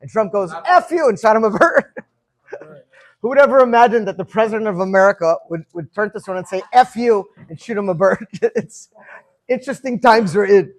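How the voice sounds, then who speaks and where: A man's voice: sits high, fairly quick. A man in his fifties leading an informal gathering, chatty and storytelling, often repeating words as he starts a sentence. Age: 50s. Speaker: farbrengen leader. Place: room with a gathered group.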